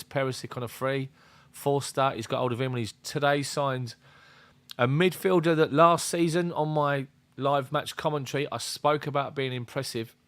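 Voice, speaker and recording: A man's voice: medium pitch, dry recording. Blunt, chatty man on a live stream. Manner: blunt and chatty, greets viewers by name. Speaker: football fan channel host. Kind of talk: casual live-stream chat.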